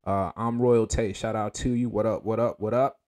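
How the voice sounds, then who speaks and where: A man hosting a casual livestream, talking in a laid-back, slangy way and greeting viewers by name with shout-outs. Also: lowish voice, fairly even intonation, normal speed. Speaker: livestream host.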